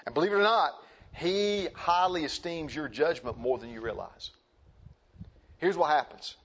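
A man's voice: a little high, moderate pace, a bit bright, dull audio. A male preacher delivering an emphatic sermon, repeating phrases and turning to speak to the men and then the women of the congregation.

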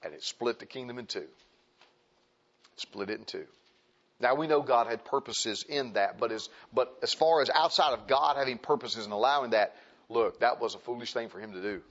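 A man of middle pitch delivers a conversational sermon to a congregation in a church, reading scripture aloud and repeating key phrases for emphasis. The recording is slightly muffled and dull. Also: normal speed, fairly bright tone. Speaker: preacher.

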